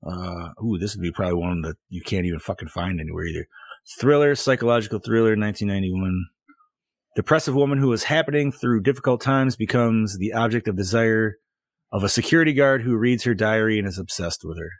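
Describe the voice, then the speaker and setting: A man co-hosting a casual podcast, excitable and swearing freely. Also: on the low side, brisk, dry recording. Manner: excitable, swears casually, says dude a lot. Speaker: podcast co-host. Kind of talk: casual chat.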